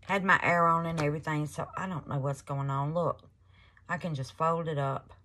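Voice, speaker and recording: A woman's voice: low-pitched, fairly even intonation, normal speed, pushed and bright. A woman hosting a casual crafting vlog, gushing over her work and calling viewers baby and y'all. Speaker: resin crafting channel host.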